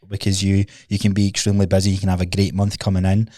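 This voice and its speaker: A man with a low voice hosts the interview, asking thoughtful follow-ups at an easy pace. The sound is dry and close to the mic, with nothing around it. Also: completely flat delivery, fast, dark tone, no room sound. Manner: reflective, asks thoughtful follow-up questions. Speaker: podcast host. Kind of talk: interview questions.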